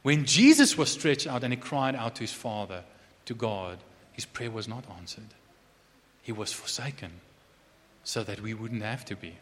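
A man preaching a sermon who drops to a hushed, intense tone and then rises to loud, emphatic proclamation, repeating key phrases for emphasis. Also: medium pitch, animated, normal speed, a little hiss or hum. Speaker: pastor. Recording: long reverb of a large hall.

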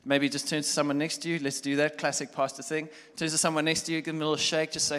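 A man preaching a sermon as a pastor, talking conversationally and building from quiet reflection to loud, animated storytelling. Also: fairly high pitch, fast. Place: church hall. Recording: long church hall reverb.

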